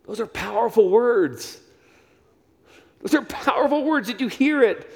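A man's voice: high-pitched, animated, measured pace, long pauses. A man preaching a sermon in a church, repeating his phrases for emphasis. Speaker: pastor. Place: church sanctuary. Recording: long reverb of a large hall.

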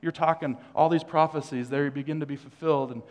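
A man's voice: fairly high pitch, fairly even intonation, fast talker. Joking male pastor in reverberant church. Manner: conversational preaching with joking asides. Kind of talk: sermon. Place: church sanctuary. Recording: long hall reverb.

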